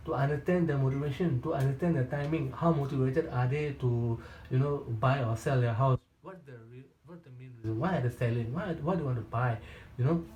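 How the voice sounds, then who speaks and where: Mellow-voiced man coaching in a roomy space. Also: medium pitch. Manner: keeps tagging points with a questioning "right?"; repetitive and emphatic, with frequent restarts. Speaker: real estate sales coach. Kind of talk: coaching talk in a Q&A session. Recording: roomy echo.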